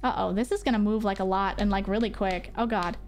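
A young woman streaming a horror game from her home office, excitable and jokey, swearing and jumping into squeals. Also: mid-range voice, a little fast, soft background music. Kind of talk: live gameplay commentary.

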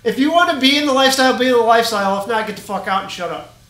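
A man's voice: very high voice, racing, fairly bright tone, echoey room, low-quality recording. A man co-hosting a casual chat, heated and ranting, swearing often. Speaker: podcast co-host, group admin.

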